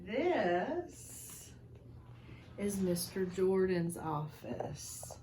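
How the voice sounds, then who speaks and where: A woman reading a picture book aloud to schoolchildren in a school office, chatty and expressive. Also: on the low side, slow pace, slight background noise.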